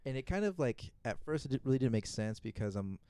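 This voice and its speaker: A man's voice: medium pitch, very animated, quick pace, dark tone, dry recording. A man co-hosting a casual podcast chat, rambling and restarting often as he recaps a TV season and acts out characters' lines. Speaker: podcast co-host.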